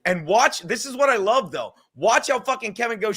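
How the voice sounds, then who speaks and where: A middle-aged man delivers a profane, insulting podcast rant. His voice sits high and cuts through with a bright, tense edge. He swears freely and talks as though his anger has nowhere else to go. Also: expressive, breathy edge. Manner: angry, insulting, fast swearing. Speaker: podcast guest. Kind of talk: profane ranting commentary.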